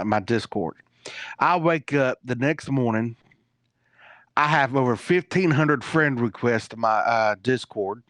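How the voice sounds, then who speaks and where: A man tells a story as a guest on a talk show, rambling along with plenty of fillers and restarts. His voice sits at a middle pitch. The sound is close and dry. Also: a bit bright, dry recording. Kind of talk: casual storytelling.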